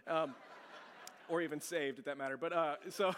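Middle-aged male pastor, higher voice, loose self-deprecating storyteller who asks the crowd questions; reverberant church room. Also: fairly even intonation, moderate pace, a bit bright, a little hiss or hum. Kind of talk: conversational sermon storytelling. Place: church sanctuary. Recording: long hall reverb.

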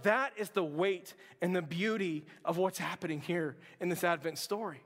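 A man's voice: high-pitched, normal speed, few pauses, a bit bright, big-room sound. A man preaching a sermon as pastor, conversational and full of restarts, retelling a story to his church. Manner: conversational preaching, many "like"s and restarts, acts out quotes.

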